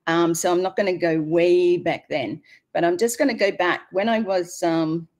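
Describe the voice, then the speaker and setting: A woman's voice: lowish voice, fairly even intonation, a little mellow. A woman speaking on a video call, greeting everyone and starting her personal story with many fillers. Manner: friendly, thanks everyone, halting with fillers. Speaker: guest on a live company update.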